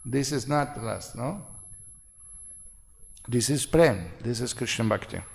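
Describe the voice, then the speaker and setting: A man's voice: medium pitch, lively intonation, slow pace, gravelly. A man giving a devotional seminar lecture, speaking emphatically, repeating phrases and often asking "no?". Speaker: spiritual seminar teacher. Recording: reverberant hall.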